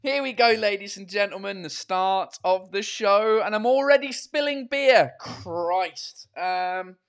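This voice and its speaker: Rambling, foul-mouthed man hosting his show. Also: high voice. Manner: rambling, swears freely, self-mocking. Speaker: podcast and live show host. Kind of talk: casual podcast chat.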